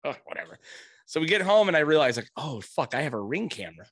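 A man's voice: fairly high pitch, fast, dry recording, clean studio sound. A middle-aged man telling a story in casual chat, swearing freely and acting out the people he quotes in raised voices. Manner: animated, profane, acts out quotes in raised voices.

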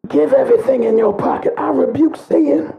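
A man preaching a sermon with great passion, his voice breaking into cries and shouts. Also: extremely high pitch, brisk, creaky, over loud music, low-quality recording.

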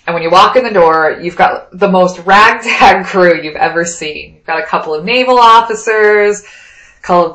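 A woman with a somewhat low voice tells a rambling personal story in a lively, casual way and jumps into the voices of the people in it. She sounds like she is in an echoey room. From Wyoming. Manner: lively anecdotal, acts out quoted dialogue.

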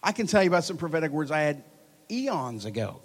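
A man delivering a charismatic sermon in a church hall, slightly higher in pitch than most men. He is animated and playful, teasing his congregation, and swings from quiet asides to loud, emphatic bursts. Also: fast talker, husky. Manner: animated, joking, lively swings in loudness. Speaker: preacher.

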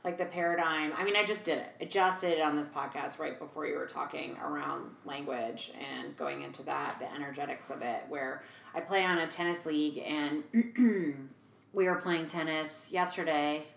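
Podcast co-host, woman, 40s, lowish voice, animated storyteller, echoey room. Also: normal speed, gravelly, slight background noise. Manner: chatty, animated retelling with fillers and quoted voices. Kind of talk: casual chat.

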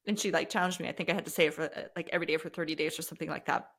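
A woman hosting a podcast, chatting in an animated, warm-hearted way. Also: low voice, racing, gravelly, breathy edge. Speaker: podcast host. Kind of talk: casual interview conversation.

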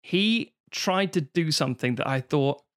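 Chatty man, slightly high voice. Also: expressive, measured pace, smooth. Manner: rambling, swears freely, slips into mock voices. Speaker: podcast co-host. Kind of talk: casual chat.

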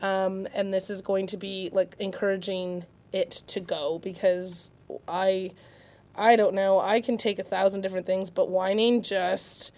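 A woman's voice: medium pitch, level tone, a little slow, a little mellow. A woman co-hosting a casual parenting chat, talking in a loose way with many fillers and restarts. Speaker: parenting podcast co-host.

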